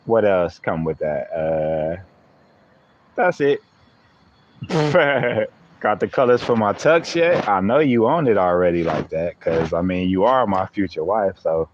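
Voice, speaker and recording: A man's voice: fairly low pitch, dull audio, slight background noise. A man using hosts a live stream, chatting playfully with viewers and laughing often. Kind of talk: joking live-stream chat.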